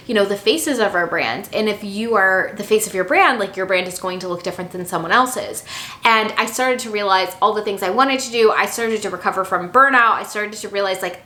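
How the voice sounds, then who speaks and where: A young woman telling a personal story to camera in a casual, animated way, acting out her own past quotes. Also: mid-range voice. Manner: animated, expressive, acts out quotes. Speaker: business coach vlogger. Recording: echoey room.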